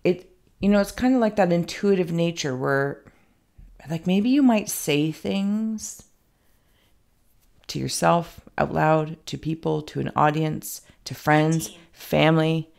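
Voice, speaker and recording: Low, gravelly-voiced woman giving a reading. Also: slow pace, a little mellow. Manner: rambling, thinking aloud with frequent fillers; self-mocking asides. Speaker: psychic reader. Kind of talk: casual spoken intuitive reading.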